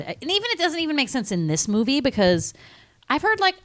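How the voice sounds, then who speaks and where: A young woman co-hosting a podcast, bubbly and quick to react, with a pitch that swings up and down. The sound is dry and close, with no room echo. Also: sing-song, a bit bright. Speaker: podcast co-host. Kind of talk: casual chat.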